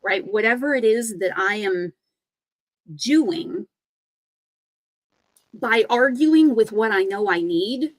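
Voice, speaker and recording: A woman guest on a podcast telling a story in an animated, emphatic way. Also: mid-range voice, slow pace, pauses often, no echo, rough recording. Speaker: guest speaker.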